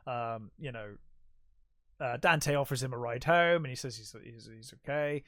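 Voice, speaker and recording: A man's voice: mid-range voice, normal speed, a bit bright, no echo, studio quality. A man co-hosting a film podcast, casually retelling the plot in a rambling way with lots of fillers. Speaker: podcast co-host. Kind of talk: casual film review chat.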